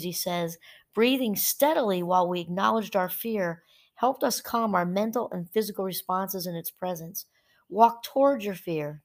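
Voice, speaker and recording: A woman hosting a solo podcast on mindfulness, talking casually with asides and restarts, now and then reading passages aloud from a book. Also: lowish voice. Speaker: podcast host. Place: home.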